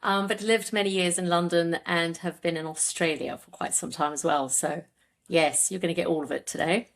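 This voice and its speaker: A woman with a mixed accent that carries a Zimbabwean twang, speaking as a podcast guest. Her voice sits fairly low as she tells her own story earnestly, with frequent ums. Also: fairly even intonation, normal speed. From grew up in Zimbabwe. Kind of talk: personal story in an interview.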